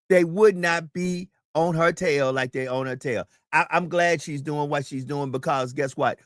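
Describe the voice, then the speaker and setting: Talk show host guy, preachy and fired up, kinda high voice, super dry sound. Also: normal speed, hardly any pauses, no echo. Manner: preachy, rises to near-shouting emphasis. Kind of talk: live talk show commentary.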